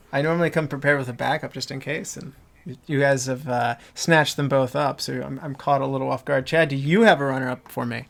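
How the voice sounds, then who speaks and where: A man's voice: mid-range voice, steady tone, fairly quick, creaky. A man hosting a casual movie podcast roundtable, talking in a rambling way with many fillers and restarts. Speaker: podcast host.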